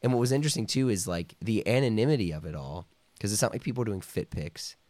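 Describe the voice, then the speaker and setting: A man's voice: lowish voice, expressive, fast talker, darkish tone, no room sound. A man speaking as a podcast guest, telling a loose, rambling story full of "like" and "you know", now and then acting out other people's lines, with a cough here and there. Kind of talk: casual storytelling.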